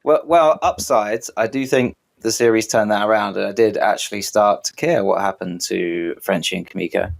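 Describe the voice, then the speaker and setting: Low, creaky-voiced podcast co-host. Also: male voice, normal speed, hardly any pauses. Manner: easygoing, hesitant with ums. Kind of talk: casual chat.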